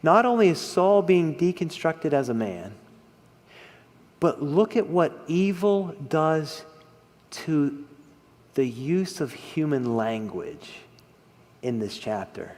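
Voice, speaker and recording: A man preaches in a high register, leaning hard into key words and then falling quiet. The sermon rings out with long reverb, as in a church hall. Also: slow pace, pauses often. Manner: expressive, rises and drops in volume for emphasis.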